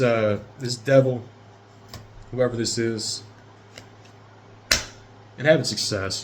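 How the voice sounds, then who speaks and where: A man in his thirties giving a casual tarot reading straight to his viewers in a rambling, profane way. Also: mid-range voice. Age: 30s. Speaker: tarot reader.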